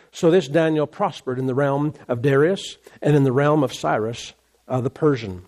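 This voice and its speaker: A man's voice: medium pitch, moderate pace, darkish tone. A man preaching a sermon. He reads a scripture story aloud and breaks off into casual asides about it. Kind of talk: sermon, reading scripture and commenting.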